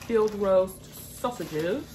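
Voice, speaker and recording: A woman's voice: mid-range voice, extremely slow, mellow, faint music behind. A woman casually chatting through a grocery haul, laughing easily and drawing out product names. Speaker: vlogger. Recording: echoey room with noise.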